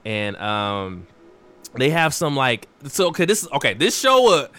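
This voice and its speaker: A young man co-hosting a podcast in casual chat, animated, swearing a lot and calling his friend "bro.". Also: medium pitch, a little slow. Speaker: podcast co-host.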